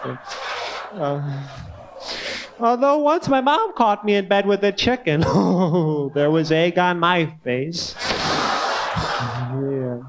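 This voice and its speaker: High-voiced stand-up comic with swooping squeaks. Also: male voice, lively intonation, background noise. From northern United States. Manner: swooping high-pitched delivery with odd pauses and sudden squeaks. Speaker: stand-up comedian. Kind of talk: live stand-up comedy. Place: comedy club stage.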